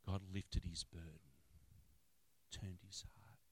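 A middle-aged man with an Australian accent, a football club chaplain telling a story in a sermon and acting out the quotes with lively emotion. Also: takes it slowly, a little hiss or hum. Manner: animated, acts out quotes, rising to high-pitched excitement.

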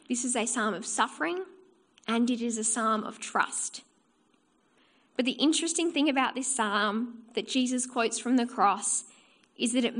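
A woman's voice: a little high, a bit bright. A woman preaching a sermon in church, earnest and explanatory, asking rhetorical questions and answering them herself.

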